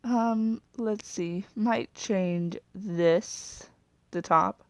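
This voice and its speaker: A video creator chats casually while designing a character, rambling, correcting herself, trailing off, and apologizing now and then. Her voice is mid-range, she draws out her words, and there's no echo.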